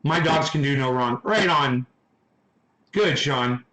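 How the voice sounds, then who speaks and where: A man's voice: medium pitch, lively intonation, slow pace, sharp tone. A man hosting a casual livestream, ranting with heavy swearing while reading and answering chat. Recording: echoey room.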